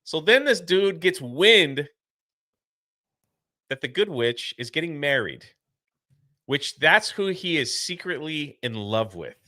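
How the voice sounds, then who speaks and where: A man co-hosting a casual movie review, retelling the plot in an animated way and acting out the characters' lines. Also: fairly high pitch, slow, pauses often, no room sound, studio quality. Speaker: podcast co-host.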